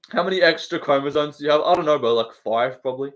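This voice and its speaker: Young aussie dude on a live stream, joking around with chat, swears a lot, slightly high voice. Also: male voice, quick pace. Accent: Australian. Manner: joking, swearing, laid-back slang. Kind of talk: casual live stream chat reading comments.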